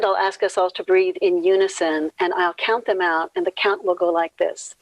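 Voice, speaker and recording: Low gravelly woman guiding meditation. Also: fairly even intonation, dry recording, dull audio. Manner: gentle, unhurried, counts breaths slowly. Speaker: minister leading meditation. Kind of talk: guided meditation.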